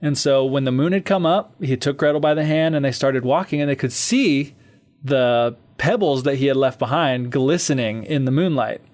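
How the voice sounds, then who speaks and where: A man's voice: medium pitch, normal speed, a little mellow. A man co-hosting a podcast, loosely retelling a fairy tale in casual chat, full of fillers and easy laughter.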